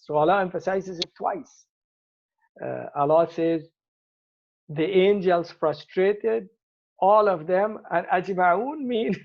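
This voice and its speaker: A man teaching Arabic grammar from Quranic verses, patiently explaining and repeating words for emphasis. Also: sits high. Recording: tinny phone-like sound.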